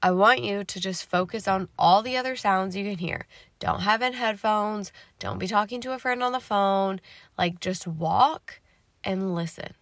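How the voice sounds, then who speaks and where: A woman hosting a solo podcast, chatty and upbeat with playful slang, tired and yawning, talking from a dark home garage. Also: medium pitch, unhurried, dry recording. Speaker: podcast host. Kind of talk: casual solo podcast talk.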